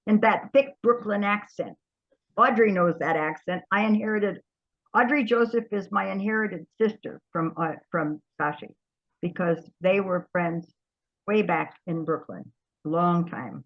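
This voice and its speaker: Older woman, low voice, lively storyteller, restarts sentences, dull lo-fi audio. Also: a little slow. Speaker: interview guest. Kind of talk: storytelling reminiscence.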